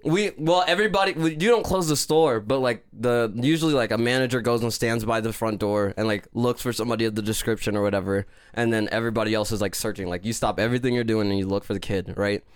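A man co-hosting a podcast, telling animated stories and acting out the people in them. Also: medium pitch, fast talker, few pauses, smooth. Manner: animated storyteller who acts out voices. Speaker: podcast co-host. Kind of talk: casual chat.

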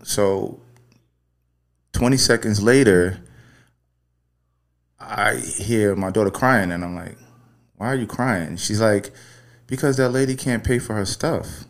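A man's voice: on the low side, slow pace, long pauses. A man hosting a podcast, telling a story in a loose, rambling way full of profanity before taking a caller. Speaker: podcast host. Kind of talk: casual storytelling and call-in chat.

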